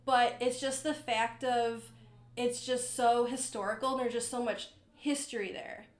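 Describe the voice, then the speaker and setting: Woman co-host, rambling and eager, higher pitch, echoey room. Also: steady tone, measured pace. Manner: enthusiastic, rambling with many "like"s. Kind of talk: casual chat.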